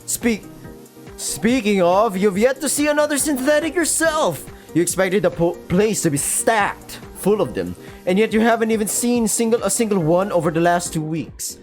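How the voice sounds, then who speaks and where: A man's voice: sits high, very animated, normal speed, pitched above the performer's own voice. A Filipino man voicing an eager, earnest young woman who works as a lab handler, chatty and a little flustered, reading a visual novel aloud over faint game music.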